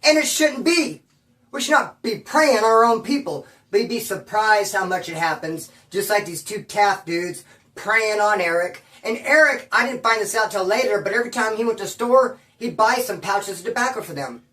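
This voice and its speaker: A man's voice: high voice, lively intonation, normal speed, pushed and bright, recorded from a distance. A man from California casually telling a prison story in rambling, slang-heavy talk. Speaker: former inmate telling prison stories.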